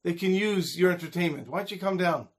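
A man's voice: sits high, fairly quick. A man speaking the lines of a persistent male television host who coaxes and persuades, inside a told story. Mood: coaxing.

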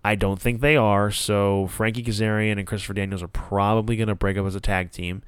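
A man hosting a wrestling talk show, giving a casual, animated recap with some swearing and quick acted-out bits of promos. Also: lowish voice, clear, resonant tone, no echo. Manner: animated, profane, acts out promos in quick bursts. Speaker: wrestling podcast host.

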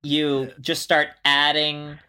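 A podcast co-host in casual chat, joking with halting starts and restarts. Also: medium pitch, completely flat delivery, sharp tone, clear, resonant tone.

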